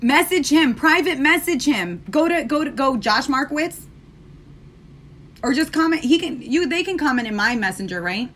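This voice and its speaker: A woman's voice: high-pitched, lively intonation, moderate pace, fairly bright tone. An American woman hosting a casual live stream while doing her makeup, chatting sassily with her viewers. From United States. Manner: chatty, sassy, talks straight to viewers.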